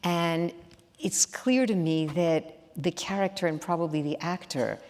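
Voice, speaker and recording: A woman with a very low voice hosting an onstage interview. She asks her questions thoughtfully and carefully, hesitating as she searches for words. A long hall reverb trails every line. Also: measured pace, darkish tone. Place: large theater hall, live audience.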